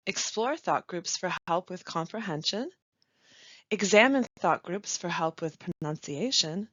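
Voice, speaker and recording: A woman teaching pronunciation in a scripted webinar, speaking slowly and carefully with deliberate pauses. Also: lowish voice, a bit bright, no echo. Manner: slow, careful, deliberate delivery with clear pauses. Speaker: language support specialist. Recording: dry, dull lo-fi voice-over.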